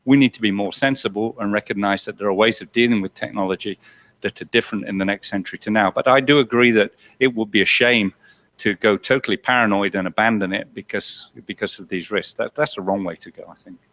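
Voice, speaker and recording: A man with a fairly low voice talks quickly on a lecture panel. He gives reflective, measured opinions. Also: fairly bright tone. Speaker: panelist speaker. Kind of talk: university public lecture discussion.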